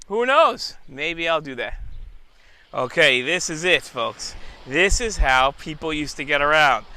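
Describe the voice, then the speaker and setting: A man's voice: fairly high pitch, bright, forceful tone, smooth. A man hosting a children's show outdoors, talking chattily and straight to young viewers. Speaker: kids' show host.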